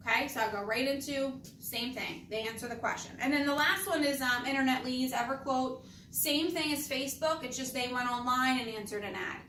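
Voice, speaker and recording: A high-voiced female insurance sales trainer coaches phone scripts in a training talk, demonstrating the scripts herself. She is brisk and emphatic, deliberately stressing key words in a fairly bright tone. The recording is echoey, with a little hiss or hum, and she sounds distant in the room.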